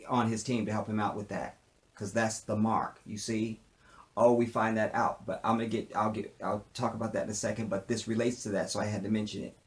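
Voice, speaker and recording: A man giving a casual recap of a TV drama episode, animated, with streetwise slang, often acting out the characters' lines. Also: fairly low pitch. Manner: animated, acts out character lines in quick impressions; streetwise slang, repeats tag phrases. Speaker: TV show reviewer.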